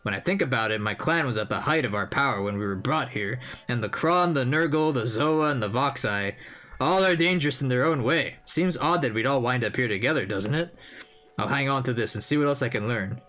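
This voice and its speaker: In a mid-range voice, a man reads the lines of an elderly male echidna historian from a game, lightly acted and a little fast. The manner is mild, wistful, and sentimental, with a lively, swooping voice.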